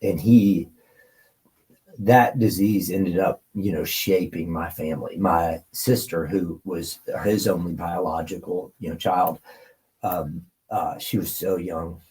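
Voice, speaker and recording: Male guest, forties, low and husky, rambling and emotional storyteller. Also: steady tone, slow, darkish tone, poor audio. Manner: rambling, filler-heavy, emotional.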